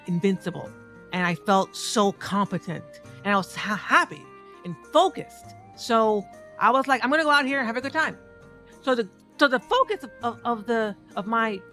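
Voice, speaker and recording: A woman recounting a tournament over her match footage in a candid, profane, animated way. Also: medium pitch. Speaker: streamer and competitive fighting game player.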